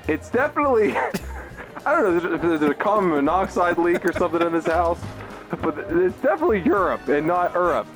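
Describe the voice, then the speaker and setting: A man's voice: sits high, lively intonation, a little fast, faint music behind. Exasperated, cussing man mid-game. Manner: exasperated, swears a lot, rants. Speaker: game player. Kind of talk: gaming banter.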